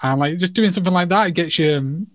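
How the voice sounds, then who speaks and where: Dry, higher-voiced male host. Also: quick pace, no echo. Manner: rambling, filler-heavy with "like". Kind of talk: casual interview.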